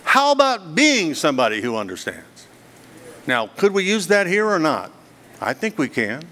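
Earnest preacher in a reverberant hall. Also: male voice, on the high side, huge pitch swings, moderate pace, pushed and bright. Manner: earnest, dramatic storytelling with rhetorical questions. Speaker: guest speaker. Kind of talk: sermon. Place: church hall.

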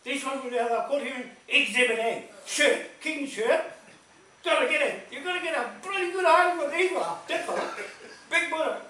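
A man's extremely high, bright voice carries a forceful tone as he spins animated stories at normal speed during a community meeting. He repeats himself for emphasis and laughs between points. Recorded from far off in a large meeting hall, the audio echoes and has faint noise.

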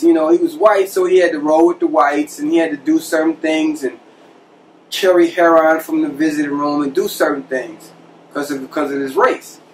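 A man casually telling a personal story from his past as a podcast host, conversational and animated, acting out the people he quotes. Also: a little high, recorded from a distance, slight background noise, low-quality recording.

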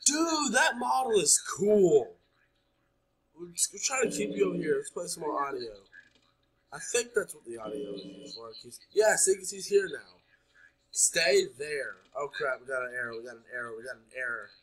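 A man's voice: medium pitch, sing-song, brisk, a bit bright, low-quality recording. A man playing a horror game, chattering nonstop and jumpy as he talks his audience through it. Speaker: gaming YouTuber. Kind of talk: horror game let's play commentary.

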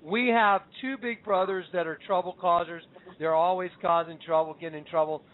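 This show host speaks at normal speed in a high-pitched, steady voice, delivering Bible teaching on a call-in program. The phone-line recording captures him acting out quotes like an emphatic storyteller.

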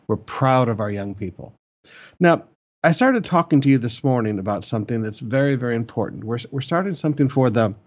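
Older pastor, earnest and emphatic. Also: male voice, mid-range voice, highs cut off. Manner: earnest, repeats points for emphasis. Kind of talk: sermon and church announcements. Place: church in the Philippines.

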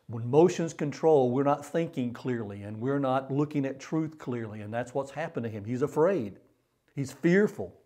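A man's voice: medium pitch, warm tone. A male pastor preaching a sermon in an earnest way, repeating phrases for emphasis.

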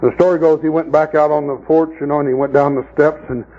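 A man's voice: on the high side, steady tone, fast talker, mellow. Folksy preacher man on a muffled tape. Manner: folksy storytelling preacher, mocking voices in quoted scenes. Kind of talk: sermon. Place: meeting hall at a camp.

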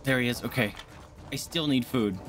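A young man streaming a game live, swearing and panicking in excitable outbursts. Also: medium pitch, normal speed, soft background music. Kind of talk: live gameplay commentary.

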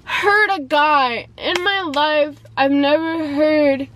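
A young woman with a high, light voice talks straight to her viewers in a loose, confessional vlog. She rambles and leans on "like" and "you know" between her thoughts. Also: slow, a bit bright, a little hiss or hum, rough recording. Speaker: vlogger. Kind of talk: casual confessional chat.

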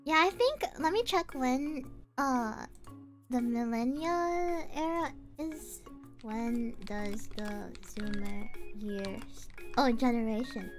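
A woman's voice: a little high, expressive, slow. A young woman streaming casually, giggling often, talking about herself in the third person and dropping a cute "mo" tic. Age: young adult. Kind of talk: casual livestream chat. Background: faint background music.

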